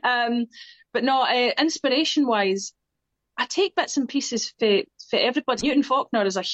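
A woman's voice: a little high, moderate pace, a bit bright, no echo, dull audio. A young Scottish woman with a Scottish accent, chatting casually and self-deprecatingly as a singer-songwriter being interviewed. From Scotland.

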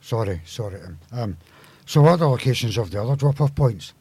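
Man, husky voice, radio co-host, stumbling questions, dry sound. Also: mid-range voice, lively intonation, a little mellow, no room sound. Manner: halting, stumbles and restarts questions. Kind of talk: community radio interview.

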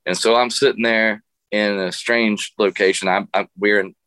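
A man's voice: fairly low pitch, fairly even intonation, normal speed, sharp tone, no echo. A middle-aged man, a guest musician, telling a funny story in a radio interview, laughing often and restarting his sentences.

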